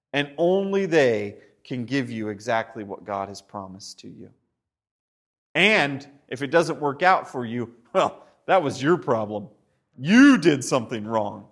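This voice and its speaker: A man preaching a sermon with animated delivery, stumbling over repeated words and often asking "right?". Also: fairly high pitch. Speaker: pastor.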